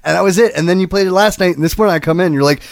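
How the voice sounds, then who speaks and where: A man's voice: sits high, rapid-fire, gravelly, no echo. A man co-hosting a podcast in casual chat, opinionated and jokey, often mimicking others. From Maine. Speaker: podcast co-host.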